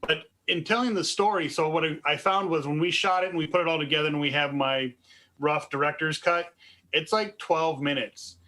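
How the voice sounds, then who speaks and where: A man's voice: fairly high pitch, steady tone, moderate pace, bright, forceful tone. A man in a convention panel audience, casually sharing a filmmaking anecdote. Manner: conversational, quotes his editor.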